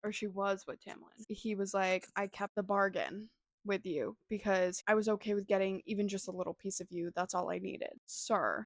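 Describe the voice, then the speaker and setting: A woman's voice: medium pitch, no room sound. A young woman vlogging about books she is reading, gushing and emotional in her reactions. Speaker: book vlogger. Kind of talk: casual reading vlog.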